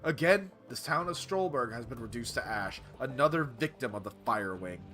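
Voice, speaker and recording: A man voicing a pushy male TV news reporter with a brisk, bright broadcast delivery. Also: mid-range voice, expressive. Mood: upbeat sign-off.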